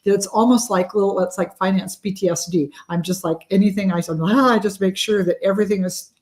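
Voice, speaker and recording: A middle-aged woman hosting a casual chat, chatty and quick to laugh. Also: mid-range voice, steady tone, darkish tone. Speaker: host.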